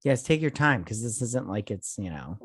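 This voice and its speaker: A man's voice: on the low side, sing-song, normal speed, crowd noise. A man co-hosting a casual, tipsy movie review podcast, rambling and swearing with lots of fillers as he drinks. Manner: rambling, profane, filler-heavy. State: drinking while talking. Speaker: podcast co-host.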